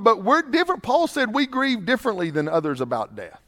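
A man's voice: high-pitched, sing-song, brisk, fairly bright tone. A man preaching a sermon, fervent and repetitive, a little out of breath. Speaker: pastor. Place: church sanctuary. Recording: long hall reverb.

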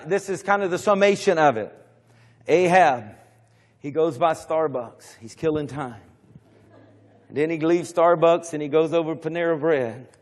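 A male pastor preaching a sermon in a church, telling the story dramatically and calling out to the congregation. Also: fairly high pitch. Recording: long hall reverb.

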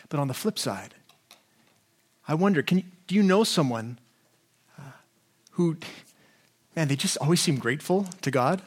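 A man preaching a sermon in an earnest way, often repeating words and asking his listeners questions. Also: on the high side.

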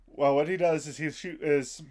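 A man with a fairly high-pitched voice, talking casually. He walks through a story step by step, correcting himself and restarting often. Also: fairly even intonation, darkish tone. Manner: detailed, halting retelling with restarts. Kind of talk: casual chat recapping an anime.

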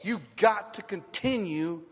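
Male preacher, high-pitched and lively, telling church stories, heard in a reverberant sanctuary. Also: takes it slowly, slightly rough. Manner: animated storytelling with scripture quotes. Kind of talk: sermon. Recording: reverberant hall.

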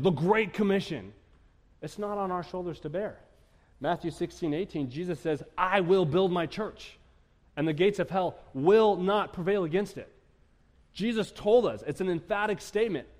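A man preaching a sermon with emphatic delivery, moving between loud declarations and quiet, hushed lines. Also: a little high. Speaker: pastor. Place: church sanctuary. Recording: church hall with long reverb.

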